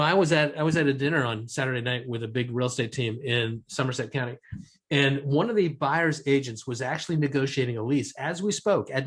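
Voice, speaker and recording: A man teaching a negotiation seminar to a live room, quizzing the audience and keeping a brisk, lively delivery. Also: mid-range voice. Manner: lively, asks the audience questions. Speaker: negotiation trainer.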